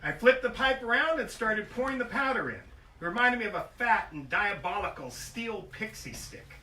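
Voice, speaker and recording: An older man reads from his memoir at a bookstore event, his high-pitched voice animated, bright and forceful at a moderate pace. Profane and self-mocking, he wanders into comic tangents, captured from afar in an echoey room with slight background noise.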